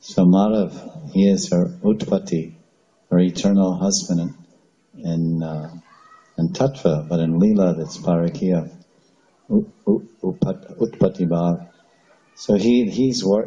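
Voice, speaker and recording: A man's voice: low voice, unhurried, dark tone, muffled recording. A man giving a devotional scripture talk, rambling with restarts and chanting Sanskrit names. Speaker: Vaishnava preacher.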